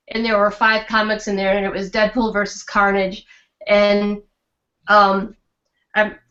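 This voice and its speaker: A woman's voice: medium pitch, sharp tone. Chatty woman on a lo-fi call. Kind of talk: casual chat. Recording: lo-fi online call audio.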